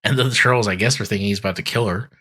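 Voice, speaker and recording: A man co-hosting a podcast, recapping a cartoon episode in a relaxed, rambling way and acting out the characters' lines. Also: on the low side, rapid-fire, breathy edge. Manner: laid-back storytelling, acts out characters in quotes. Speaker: podcast co-host. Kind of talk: casual recap chat.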